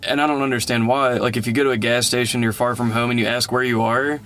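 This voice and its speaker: A man's voice: medium pitch, flat delivery, fast talker, a bit bright, a little hiss or hum. A man in casual chat, rambling through a story and laughing often.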